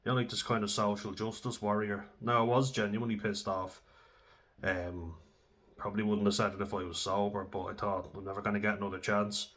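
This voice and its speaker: A man's voice: on the low side, level tone, moderate pace, a bit bright. A young Irish man telling candid, sweary stories about his own drinking, casual and self-deprecating. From Ireland. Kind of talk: candid personal storytelling.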